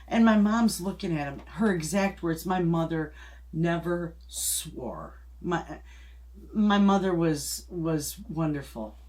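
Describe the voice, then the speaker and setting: A woman's voice: on the low side, expressive, takes it slowly, darkish tone. A middle-aged woman hosting a homestead channel, chatting casually and telling a story in a folksy, rambling way with restarts and little chuckles.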